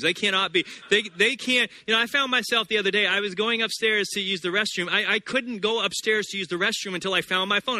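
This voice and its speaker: A pastor in his thirties with a high voice delivers a sermon, telling stories playfully and animatedly before turning hushed and earnest.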